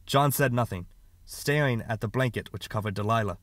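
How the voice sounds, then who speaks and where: A man narrating an audiobook in a measured, steady reading. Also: mid-range voice, no room sound, clean studio sound. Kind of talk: scripted narration.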